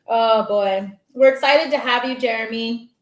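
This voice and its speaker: A woman's voice: a little high, a little slow. Playful teasing woman host, roomy sound. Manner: playful, teasing, laughs often. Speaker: livestream host. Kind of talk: casual chat. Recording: roomy echo.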